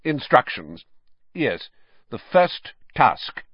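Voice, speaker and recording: A man's voice: medium pitch, big pitch swings, extremely slow, husky, no room sound, voice pushed up, exaggerated voice. A man voicing a weary, stiff male ministry official who talks formally and absently, on slightly dull audio.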